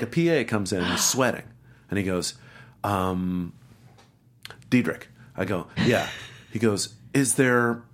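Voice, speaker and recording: A middle-aged man telling a casual anecdote, acting out the voices and accents of the people in it. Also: fairly low pitch. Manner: animated storyteller, acts out voices and accents. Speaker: guest actor telling a story.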